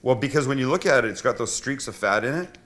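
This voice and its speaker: Middle-aged host cooking and chatting, easygoing and jokey. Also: male voice, medium pitch, lively intonation, fast talker, fairly bright tone. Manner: chatty, self-deprecating, joking. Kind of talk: casual cooking banter.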